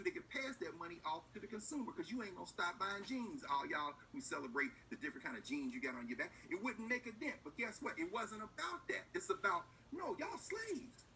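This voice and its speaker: Animated man mimicking officials, heard from afar. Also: a little high, slight background noise. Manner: acts out officials in mock voices, emphatic. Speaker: political commentator. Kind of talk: animated political commentary. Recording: distant mic with faint room ambience.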